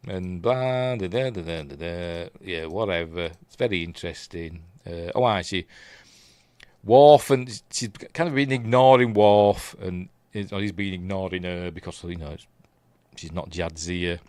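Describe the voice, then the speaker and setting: A man's voice: low-pitched, unhurried, darkish tone, smooth, no room sound. A man with a Yorkshire accent chatting casually on a live stream, rambling through episode recaps with plenty of fillers and asides.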